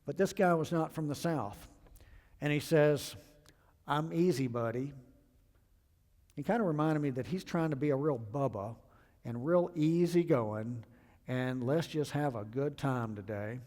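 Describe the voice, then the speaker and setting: A man's voice: moderate pace, a little mellow. A middle-aged man from the American South giving an earnest, emphatic safety lecture to pilots, acting out quoted remarks. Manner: earnest, emphatic, acts out quotes with rising pitch. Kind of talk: presentation lecture. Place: university lecture hall. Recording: long hall reverb.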